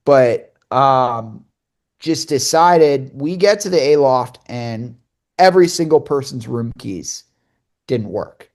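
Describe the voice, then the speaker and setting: A young man in the middle of a casual podcast story, his voice sitting at an ordinary middle pitch. He rambles and restarts his sentences, stacks up fillers, and slips into the dialogue as he tells it. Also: animated, slow, darkish tone. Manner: rambling anecdote with many fillers and restarts, acting out quoted dialogue. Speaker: podcast co-host and hockey broadcaster.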